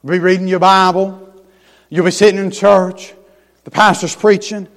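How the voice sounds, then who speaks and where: A man preaching a sermon in a folksy, down-home way, dropping to hushed tender lines and building to loud, rising emphasis. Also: sits high, moderate pace. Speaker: pastor. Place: church sanctuary. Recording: long hall reverb.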